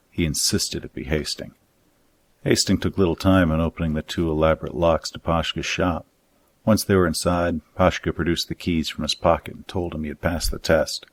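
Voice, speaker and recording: A man reading his own dark fantasy story aloud in a measured, even audiobook narration. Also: extremely low pitch.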